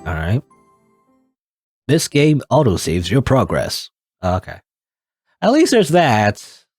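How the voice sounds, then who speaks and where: A man's voice: mid-range voice, huge pitch swings, slow, darkish tone, husky, soft background music. Rambling, giggly young gamer guy. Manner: rambling, self-deprecating, giggly. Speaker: let's play gamer. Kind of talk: casual gameplay commentary.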